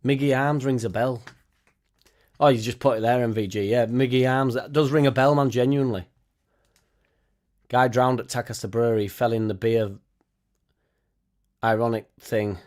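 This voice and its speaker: A man's voice: medium pitch, steady tone, normal speed, pauses often, darkish tone. A man hosting a casual live stream, reading out chat and swearing freely as he talks. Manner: swears freely, chatty, tag questions like innit. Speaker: fan channel host reading live chat.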